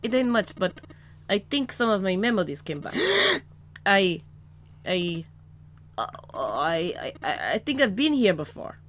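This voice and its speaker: A woman voicing a troubled grown man with lost memories, an ex-cop, reading a visual novel aloud in a halting, searching way. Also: medium pitch, very animated, a bit bright. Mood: confused.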